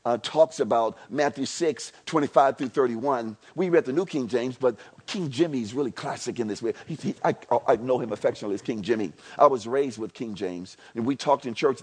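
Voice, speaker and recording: A man preaching a sermon at a church service. He leads the congregation in call-and-response, swinging from quiet, low lines to loud shouts. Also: fairly quick, hardly any pauses, breathy edge. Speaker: pastor.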